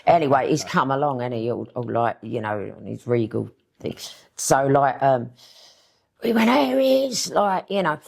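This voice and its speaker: Casting: middle-aged East London woman, gravelly voice, blunt, cheeky and unfiltered. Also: very deep voice, animated, normal speed. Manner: blunt, chatty, swears freely. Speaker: guest author. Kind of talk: casual interview storytelling.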